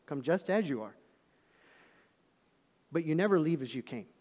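A man preaching a sermon, telling stories with lively swings between loud calls and hushed asides. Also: on the high side, moderate pace. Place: church auditorium. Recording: long reverb of a large hall.

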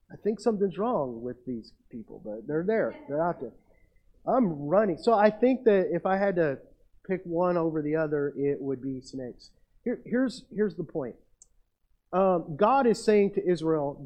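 High-voiced pastor preaching a sermon. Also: male voice, darkish tone. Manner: storytelling, self-mocking, builds to emphatic peaks. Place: church. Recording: muffled lo-fi sound.

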